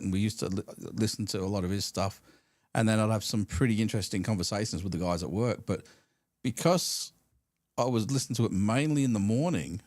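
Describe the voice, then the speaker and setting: A man with a lowish voice co-hosts a live stream in loose, casual chat. He rambles through stories and drops into quick impressions of radio hosts and callers. The sound is dry and close, with no room around it. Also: darkish tone, no room sound. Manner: chatty storyteller, mimics radio hosts and callers. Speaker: podcast co-host. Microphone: studio mic through a mixer.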